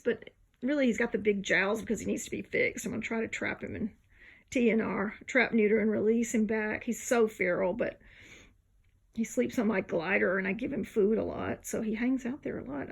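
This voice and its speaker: A woman's voice: a little high, steady tone, brisk, creaky, slightly rough. A tired woman, just up from a nap, rambling chattily at home in a casual vlog. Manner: rambling, chatty, drifts between topics. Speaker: vlogger. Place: home, indoors.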